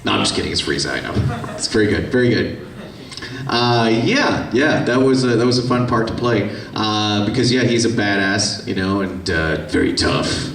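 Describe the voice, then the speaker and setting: In a convention hall, a man who voices characters for a living sits on a panel and answers the crowd's questions with loose, cheeky, humorous tales. He speaks at a moderate pace in a fairly low, expressive, creaky voice with a slightly bright edge. The sound is distant and reverberant, with the audience audible.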